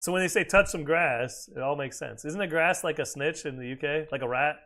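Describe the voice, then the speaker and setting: An American man streams a video game, chatting casually and with plenty of profanity as he rambles between reactions to the play. His voice sits on the high side, quick and pushed, with a bright tone.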